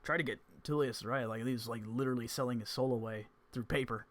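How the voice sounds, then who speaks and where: A man's voice: medium pitch, quick pace, natural voice. A man doing a brash, slangy bard type. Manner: casual, slangy, excitable. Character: laid-back male musician adventurer, brash.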